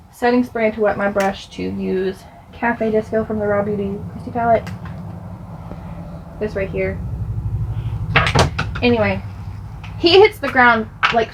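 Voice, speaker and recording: A woman's voice: medium pitch, background noise. A young woman chatting through a get-ready-with-me storytime as she does her makeup, rambling with laughs and asides. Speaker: beauty vlogger.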